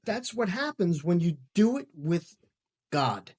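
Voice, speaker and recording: A man's voice: high-pitched, sing-song, a little slow, a little mellow. Easygoing male podcast co-host. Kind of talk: casual faith podcast chat.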